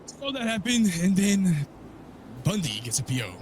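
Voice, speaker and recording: A man recapping a wild story in character, swearing a lot and telling it with animated energy. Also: high voice, normal speed, soft background music.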